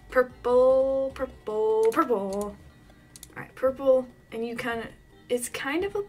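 Flustered woman narrating her own gameplay. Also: on the high side. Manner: talks to herself, frequent flustered yelps and laughs. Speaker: gaming channel host. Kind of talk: casual let's-play commentary.

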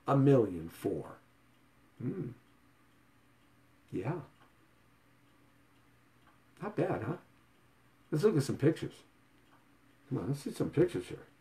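A man hosts a real estate show, pitching to viewers in a playful, flashy way packed with sing-song repetition and comic stutters.

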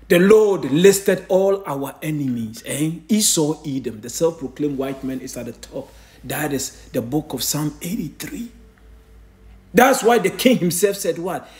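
A man's voice: a little high, darkish tone. A male preacher giving a sermon, firing rhetorical questions and reading scripture aloud with frequent restarts. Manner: asks rhetorical questions, answers himself.

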